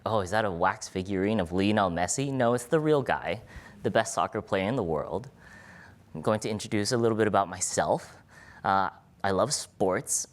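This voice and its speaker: Energetic deep-voiced young man on stage. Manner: energetic, playful, jokey with the audience. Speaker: medical student speaker. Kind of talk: live stage talk. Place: event room with live audience.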